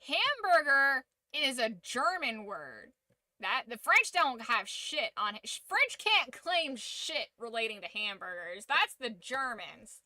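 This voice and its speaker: A woman's voice: fairly high pitch, big pitch swings, slow pace, pushed and bright, no room sound. A woman hosting a casual livestream, giving an opinionated, profanity-laced rant. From United States. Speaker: streamer and channel host.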